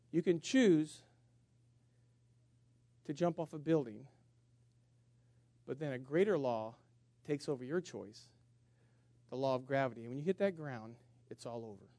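High-voiced man preaching, dry sound. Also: no echo. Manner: animated, swings between loud emphasis and hushed asides; humorous storytelling with self-mockery. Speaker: pastor. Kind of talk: sermon.

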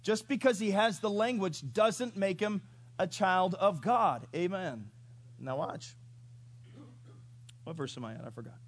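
A male pastor preaching a sermon in an animated storytelling way, chuckling and asking the congregation questions. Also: sits high, a little slow, long pauses, no room sound.

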